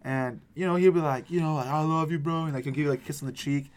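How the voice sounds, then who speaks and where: A man's voice: fairly high pitch, fairly even intonation, quick pace. Rambling young man telling a party story. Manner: rambling, lots of "like" and "dude", acts out quotes. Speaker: podcast host. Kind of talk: casual storytelling chat.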